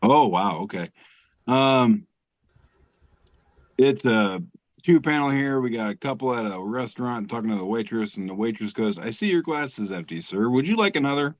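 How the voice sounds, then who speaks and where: A man's voice: medium pitch, animated, moderate pace, dry recording. A man co-hosting a casual show, reading meme captions aloud with wry, swearing asides. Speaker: co-host. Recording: dull lo-fi call audio, dry.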